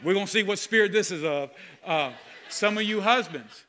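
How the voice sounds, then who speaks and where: A man preaching a sermon as pastor, animated, with sudden loud exclamations. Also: high voice, normal speed.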